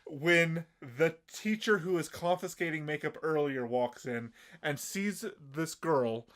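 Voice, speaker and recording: High-voiced young man gushing about anime. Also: measured pace, a bit bright. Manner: enthusiastic, gushes over favorite shots. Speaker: podcast co-host. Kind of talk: casual anime recap chat.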